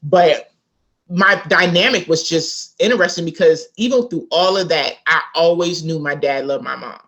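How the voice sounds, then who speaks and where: This South Carolina author, a woman interview guest, talks at a moderate pace in a somewhat low voice. She relates a family story casually and acts out the people in it, doing their voices as she quotes them.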